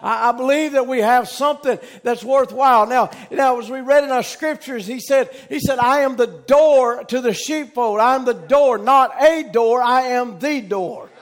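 A middle-aged male preacher with a Southern US accent and a strikingly high voice. He drives his points home with repetition and punctuates them with amen, climbing into shouts as the sermon builds. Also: normal speed, few pauses. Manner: emphatic, repetitive, calls out amen, rises to shouting. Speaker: pastor.

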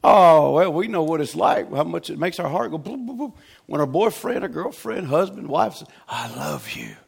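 A man preaching a revival sermon, swinging from shouted exhortation to hushed, near-whispered tenderness. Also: on the high side, lively intonation, moderate pace, creaky, husky.

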